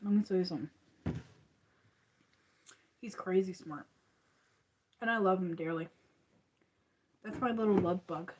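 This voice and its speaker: A woman's voice: on the low side, brisk, pauses often, a little mellow, muffled recording. A woman hosting a crochet livestream, chatting casually and rambling with frequent laughs.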